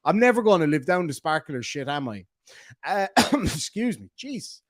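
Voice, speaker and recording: A man's voice: a little high, big pitch swings, moderate pace, no echo, clean studio sound. An Irish man with a cold hosting a casual live stream, reading chat messages aloud in a jokey, chuckling way. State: has a bad cold. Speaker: streamer host reacting to videos.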